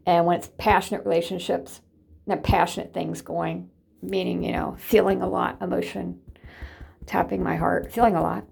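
Gravelly, husky low-voiced woman vlogging. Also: fairly even intonation, normal speed, a little mellow. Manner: rambling, chatty, laughs often. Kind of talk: casual vlog chat.

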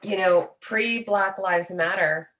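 This young Canadian influencer, a guest in an interview, speaks candidly and earnestly. Her medium-pitched voice moves slowly but animatedly, packed with fillers.

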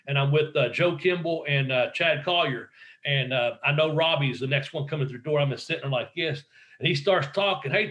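A man's voice: a little high, a bit bright, highs cut off. Profane storytelling man in echoey room. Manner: profane, rambling anecdotes with acted-out quotes. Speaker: guest, former pro wrestler. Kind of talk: casual storytelling interview.

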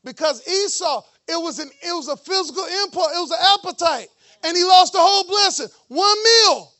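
A man preaching a lively sermon in church, with joking, mocking asides to the congregation. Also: very high voice, brisk. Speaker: pastor.

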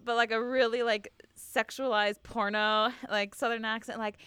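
A woman's voice: on the high side, little pitch movement, normal speed, fairly bright tone, clean tone, no echo. Giggly chatty American woman podcasting. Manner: chatty, giggly, rambling with many fillers. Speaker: podcast co-host. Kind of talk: casual podcast chat.

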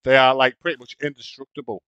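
A man's voice: medium pitch, fairly even intonation, fast, bright, forceful tone, smooth, no echo. A man co-hosting a podcast, cheeky and crude, chatting casually. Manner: crude, self-mocking, cheeky. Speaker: podcast co-host. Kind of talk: casual chat. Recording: dull, muffled mic.

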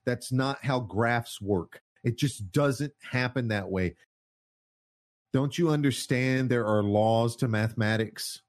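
A man's voice: medium pitch, slow. A man ranting in casual political commentary, sarcastic and mocking, swearing often and laughing often.

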